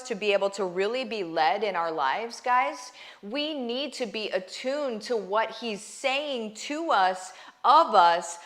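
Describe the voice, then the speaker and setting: Earnest woman with a higher voice. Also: a bit bright. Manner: earnest, emphatic, often asks "right?" and calls listeners "guys". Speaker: online business coach and vlogger. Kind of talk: heartfelt faith talk to camera.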